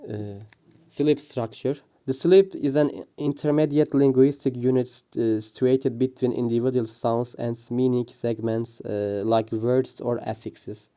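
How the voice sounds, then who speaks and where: A man reads a prepared linguistics presentation, pausing often with "uh" and restarting words. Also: mid-range voice, fairly even intonation, warm tone. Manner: hesitant, frequent "uh" fillers and restarts. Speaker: student presenter.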